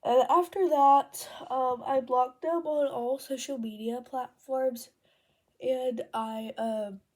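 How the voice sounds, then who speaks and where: A woman's voice: sits high, steady tone, slow, a little mellow. A teenage girl telling a rambling storytime while doing her makeup, full of ums and self-corrections. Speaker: vlogger.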